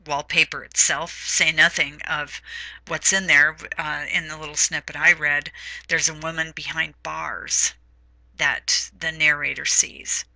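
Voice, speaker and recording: Slow, gravelly-voiced woman teaching literature. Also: low voice, flat delivery, pushed and bright, no echo, rough recording. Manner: hesitant, many fillers. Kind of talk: recorded lecture.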